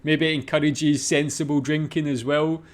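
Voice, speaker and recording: A Scottish man hosting a casual reaction video, repeating foreign words slowly and chatting between them. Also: a little high, little pitch movement. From Scotland.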